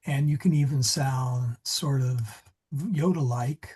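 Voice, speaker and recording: A man's voice: mid-range voice, slow pace, warm tone. A man teaching a Latin grammar class, talking in a digressive way and often correcting himself. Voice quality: very husky. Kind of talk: classroom lesson. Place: church meeting room.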